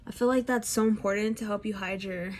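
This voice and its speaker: A woman's voice: mid-range voice, steady tone, brisk, slight background noise. A young woman, heavily pregnant and out of breath, chatting casually at home while she does her makeup for the camera. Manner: chatty and self-deprecating, with frequent sighs. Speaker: beauty vlogger. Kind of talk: casual makeup tutorial chat.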